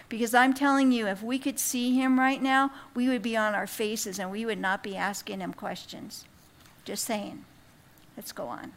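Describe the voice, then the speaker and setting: A woman with a fairly high voice leads a Bible lesson for women. She talks casually and plainly, dropping quick wry asides, and reads scripture with firm emphasis. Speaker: Bible teacher. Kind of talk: conversational Bible teaching.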